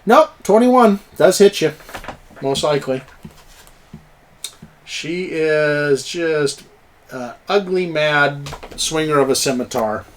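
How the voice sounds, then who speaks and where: A man's voice: fairly high pitch, lively intonation, slow pace, pauses often, a little hiss or hum. A man narrating a tabletop game as game master, chuckling and cheering on the players' rolls. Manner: chuckling, encouraging, plays up dice rolls.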